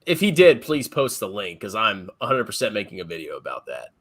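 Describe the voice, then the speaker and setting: A man's voice: on the low side, wildly swooping pitch, a little fast, a bit bright, breathy edge. A man co-hosting a casual livestream chat, blunt and sarcastic.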